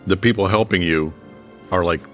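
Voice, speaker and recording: Older man, 70s, very low voice, easygoing raconteur, soft music bed. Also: normal speed. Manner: relaxed storytelling, drops low and quiet on reflective moments. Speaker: guest. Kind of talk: casual chat over a meal.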